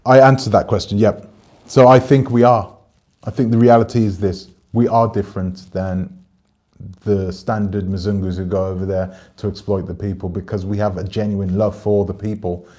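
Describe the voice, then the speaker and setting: A man's voice: fairly low pitch, steady tone, normal speed, dark tone. A man hosting his channel, chatting casually and rambling as he talks to viewers and reads out their comments. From Britain. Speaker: channel host.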